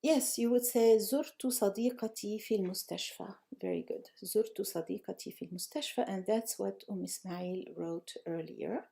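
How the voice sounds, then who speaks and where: A woman's voice: mid-range voice, fast talker, vocal fry, hardly any pauses, warm tone. A woman teaching a live online language lesson, praising students often and reading out and correcting their answers.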